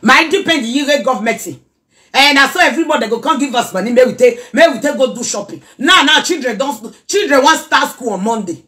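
A middle-aged Nigerian woman chatting casually in a reaction vlog, animated and scolding by turns. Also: high-pitched, brisk. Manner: animated, mixes pidgin and Yoruba, scolding asides. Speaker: social media commentator.

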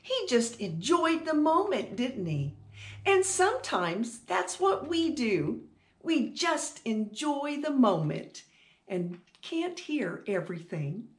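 A woman's voice: fairly high pitch, big pitch swings, slow, roomy sound. A woman reading a picture book aloud to children, sing-song and asking them questions. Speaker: children's storytime reader.

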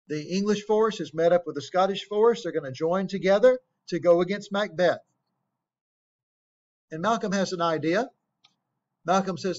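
High-voiced man explaining a play. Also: normal speed, pauses often. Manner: plain, explanatory, asks rhetorical questions. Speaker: teacher. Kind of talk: explaining a play and reading quotes aloud. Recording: dull lo-fi recording.

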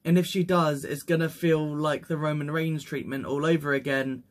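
A young man giving casual wrestling predictions, excitable, swearing freely and whooping with hype. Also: on the high side, normal speed.

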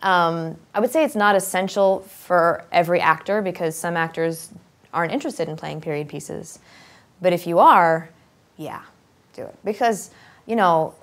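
A woman actress and accent coach talking openly and at length, animated and straightforward, thinking aloud with ums. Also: lowish voice. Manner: open, straightforward, talkative. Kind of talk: casual interview talk.

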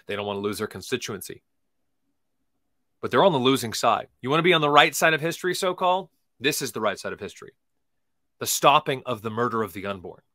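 A man hosting a podcast, giving emphatic, preachy commentary that swings between loud and quiet, and slowly reading scripture aloud. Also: mid-range voice, dry recording, clean studio sound. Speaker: podcast host.

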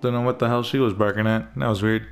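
A man's voice: fairly low pitch, fairly even intonation, fast talker, soft background music. A man giving laid-back, joking commentary while playing a video game. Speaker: gaming streamer. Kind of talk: casual let's-play commentary.

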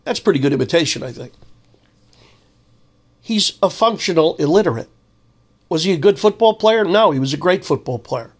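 Older man, angry monologue, emphatic ranting, fairly high voice. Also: lively intonation, normal speed, pauses often, husky. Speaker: commentator.

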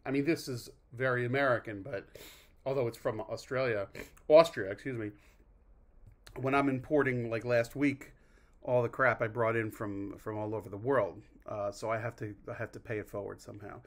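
A man's voice: medium pitch, normal speed. A man hosting his own vlog, rambling in a wry, self-deprecating way with mock groans and asides. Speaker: vlog host. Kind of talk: casual rambling monologue.

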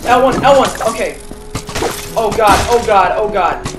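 A woman giving let's play commentary as a gamer, excitable and reacting aloud to every surprise. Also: mid-range voice, a little slow. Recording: roomy, distant mic with game music.

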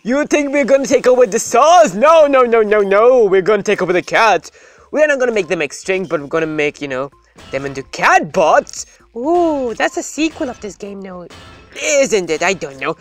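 A gaming host giving playful, rambling let's-play commentary that breaks into sudden excited shouts. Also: medium pitch, moderate pace, soft background music.

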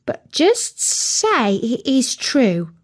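A woman's voice: high voice, wildly swooping pitch, very slow, voice pushed up, exaggerated voice. Woman doing a skeptical drawling penguin. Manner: drawling, unimpressed. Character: skeptical, down-to-earth female penguin. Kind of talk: storybook reading.

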